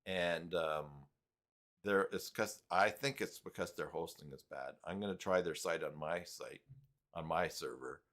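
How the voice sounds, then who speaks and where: A man's voice: low-pitched, unhurried, fairly bright tone. A man hosting a casual live stream, rambling and reading chat messages aloud.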